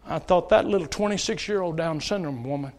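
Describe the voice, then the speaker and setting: Man, middle-aged, preacher, high voice, earnest, pleading, sermon in church. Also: fairly quick. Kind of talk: sermon with altar call. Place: church service.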